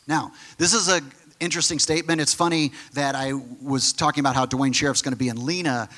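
A male pastor preaching a sermon, emphatic and conversational, who sometimes drops to a soft near-whisper on key phrases. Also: medium pitch, fairly even intonation, brisk. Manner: direct, conversational asides to the congregation.

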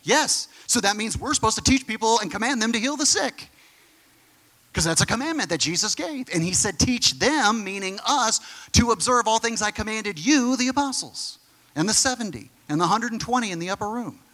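A man's voice: high voice, animated, moderate pace, sharp tone. A middle-aged man preaching a sermon, explaining scripture in an emphatic, conversational way. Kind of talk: sermon teaching.

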